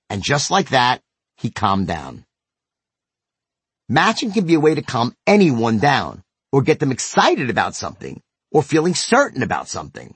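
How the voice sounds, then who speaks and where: A man with a husky, slightly breathy voice teaches sales technique, his pitch swinging up and down as he drives points home. He talks bluntly and emphatically and isn't shy about a curse word, and the sound is close and dry with no room in it. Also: huge pitch swings, normal speed, dry recording. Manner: blunt and emphatic, with occasional swearing. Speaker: sales trainer. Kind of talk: instructional narration.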